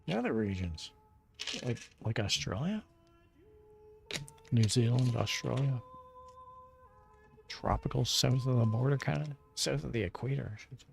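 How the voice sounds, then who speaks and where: Low-key rambling streamer man. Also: animated, a little slow, gravelly, long pauses, music in the background. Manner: rambling, low-key, chatting back to viewers. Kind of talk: casual chat while gaming.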